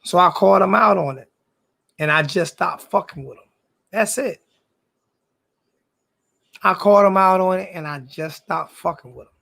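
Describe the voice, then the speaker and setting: His voice is high-pitched, bright, and forceful with a gravelly crackle, at normal speed with long pauses. He rants back at his live-stream chat as a confrontational sports YouTuber, repeating himself and using profane slang.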